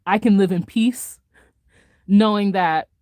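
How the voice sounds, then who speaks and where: A young woman streamer rants in a lively, casual way, full of slang and quick laughs. Her voice sits at an ordinary pitch for a woman. It is recorded close and dry, with no room sound. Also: dry recording. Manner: animated, fast-talking rant with frequent laughter and slang. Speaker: live streamer. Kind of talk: casual live-stream rant.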